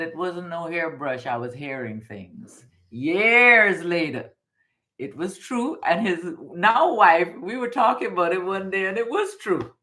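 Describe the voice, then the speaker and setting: A woman's voice: on the low side, sharp tone. Emphatic storytelling woman, repeats for weight. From Guyana. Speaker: tarot card reader. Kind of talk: casual spiritual reading and storytelling.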